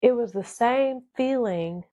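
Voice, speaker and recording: Brief: woman, animated confessional storyteller, close and dry mic. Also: fairly high pitch, slow, no room sound. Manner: emotional, animated, dramatic. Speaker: podcast host telling her life story. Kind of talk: personal storytelling.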